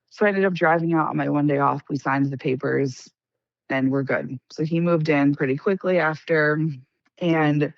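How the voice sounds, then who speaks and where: Young woman, low gravelly voice, casual storyteller who acts out others' lines. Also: dry recording, highs cut off. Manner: lively, acts out quoted dialogue. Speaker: interviewee recounting being scammed. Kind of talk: casual first-person storytelling.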